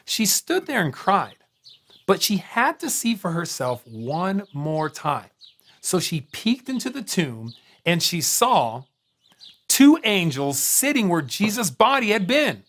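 Guy telling a bible story for kids, lively ups and downs, dramatic pauses. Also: high-pitched. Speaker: storyteller on a kids' show. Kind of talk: scripted children's Bible narration.

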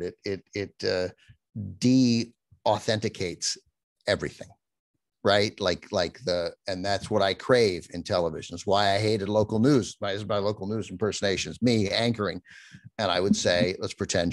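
Lively, talkative man with a low voice. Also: dry recording. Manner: animated, self-interrupting, does mock newscaster voices. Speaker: classic film channel host. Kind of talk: conversational interview.

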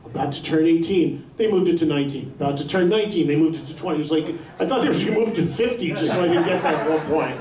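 High-voiced man hosting a stage panel. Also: racing, hardly any pauses. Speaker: panel host. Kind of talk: casual stage panel chat. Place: arts center hall with audience. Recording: echoey hall, distant mic, faint crowd.

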